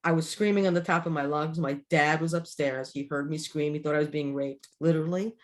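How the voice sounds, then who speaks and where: A woman in her sixties, co-hosting a casual chat and telling a family story in an animated way, laughing often and restarting her sentences. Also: low-pitched, a little fast. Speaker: co-host.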